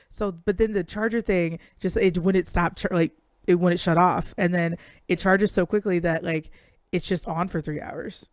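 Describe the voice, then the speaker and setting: A woman's voice: on the low side, steady tone, moderate pace, darkish tone, no room sound, studio quality. A young woman co-hosting a live stream over a video call, telling rambling stories bluntly with plenty of swearing. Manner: blunt, profane, rambling storyteller. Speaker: co-host. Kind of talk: casual live-stream chat.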